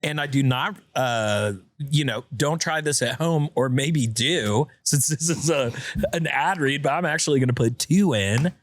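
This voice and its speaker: A man's voice: medium pitch, measured pace, no room sound. A man hosting a podcast, talking in a laid-back, rambling way and reading an ad. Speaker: podcast host. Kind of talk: casual chat with an ad read.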